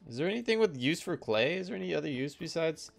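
A young man doing casual gameplay commentary, chatty and excitable, talking to the animals in the game. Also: on the high side, quick pace, creaky, soft background music. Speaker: gaming YouTuber.

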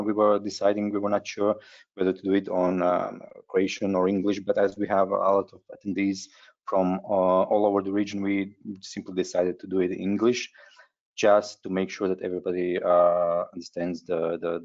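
A man hosting a webinar, talking in a halting way with frequent hesitations. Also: low voice, darkish tone. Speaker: webinar host. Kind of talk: webinar presentation. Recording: dull lo-fi webinar audio.

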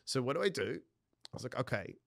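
A man's voice: mid-range voice, a little fast, gravelly, no room sound, studio quality. A man telling a personal story as a podcast guest, laughing often and acting out the dialogue. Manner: animated, laughs often mid-sentence; acts out dialogue in his stories.

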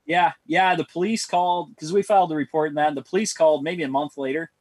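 A man, a guest on a podcast, telling stories in a calm, matter-of-fact way. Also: fairly high pitch, fast talker, breathy edge, no echo. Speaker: podcast guest, former boss. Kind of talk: casual chat.

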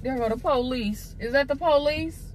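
A young woman vlogger in a parked car, talking fast and paranoid, cursing as she argues in casual prank banter. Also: high voice, slight background noise. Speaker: vlogger and parent.

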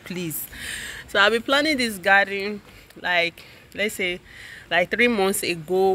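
A woman with a Nigerian accent talks in a loose, friendly vlog manner, and she laughs easily as she goes. She sits at a middle pitch for a woman. She is recorded outdoors on a camera mic, and faint background noise runs under her voice. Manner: chatty, laughs often, shouts at her child. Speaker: vlogger. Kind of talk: casual vlog chat. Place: outdoors at her home compound and garden.

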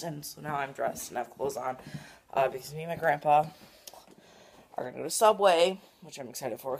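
A young vlogger chatting casually on camera in a daily vlog, rambling and filling every pause with "like" and "literally". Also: medium pitch. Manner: rambling, filler-heavy, says "like" and "literally" a lot.

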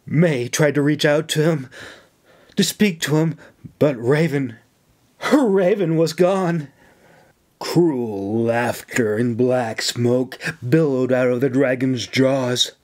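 A man narrating his own fantasy novel in a slow, dramatic reading. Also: medium pitch, a little mellow. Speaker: author and audiobook narrator. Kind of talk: scripted audiobook narration. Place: home sound closet lined with blankets.

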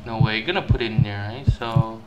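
A gaming YouTuber gives panicky, self-mocking gameplay commentary, repeating words in nervous bursts and shrieking high when he gets caught. He talks a little fast, and the dull audio carries heavy background noise.

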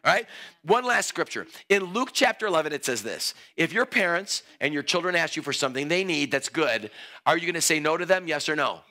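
A man preaching an energetic altar call in a church, excitable and playful, exclaiming and joking with the crowd. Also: a little high, a little fast. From Greek heritage. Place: church sanctuary.

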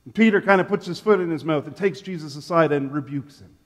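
A man pastor preaching a sermon in a church sanctuary, telling the story in an animated way and acting out the quotes. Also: fairly high pitch, quick pace, big-room sound.

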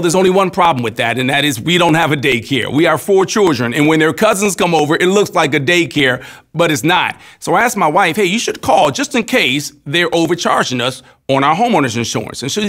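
A man's voice: on the high side, fairly bright tone. A man in his thirties speaking as a company spokesman, telling personal stories in an earnest, conversational way for a promotional video. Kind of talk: promotional testimonial talk.

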